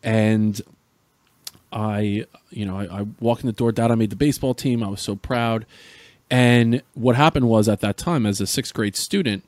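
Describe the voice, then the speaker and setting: Earnest low-voiced man telling a story. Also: moderate pace, darkish tone, dry recording. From Central New Jersey. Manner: earnest, emotional retelling with many restarts. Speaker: podcast guest. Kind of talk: personal storytelling in conversation.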